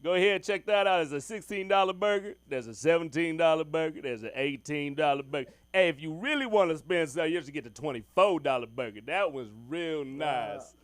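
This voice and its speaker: A man doing an impression of his forgetful dad, loud and drawling, trailing off mid-thought. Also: on the high side, fairly quick, hardly any pauses, no echo, lightly acted. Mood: hearty.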